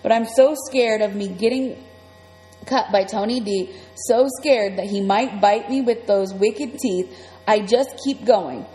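A woman reading a first-person children's story aloud in a lively, breathless way. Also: medium pitch, unhurried. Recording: long reverb, faint music.

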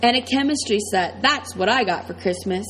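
Casting: woman voicing a small, cocky boy genius, fierce and bold, slightly raised pitch. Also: normal speed, fairly bright tone, a little hiss or hum, lightly acted. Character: boastful clever small boy inventor. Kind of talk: audiobook character voice.

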